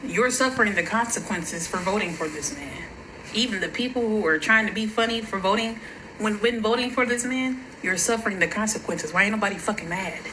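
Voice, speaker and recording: Furious profane woman ranting, bright voice. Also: mid-range voice, fairly quick, slight background noise, poor audio. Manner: furious, profane, shouting in bursts. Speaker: social media creator. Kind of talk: angry rant to camera.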